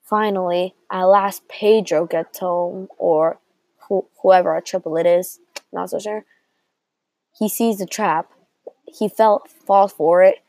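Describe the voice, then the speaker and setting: A woman's voice: fairly low pitch, fairly even intonation, slow, warm tone, dry recording, rough recording. A young woman telling a made-up story aloud, rambling with restarts and acting out the dialogue.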